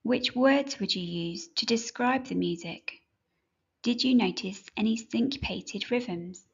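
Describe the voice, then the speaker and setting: Husky gravelly lady reading a kids music lesson, slow and clear, kinda dull lo-fi sound. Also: on the high side. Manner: clear, measured, instructive. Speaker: music teacher. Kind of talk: scripted educational narration.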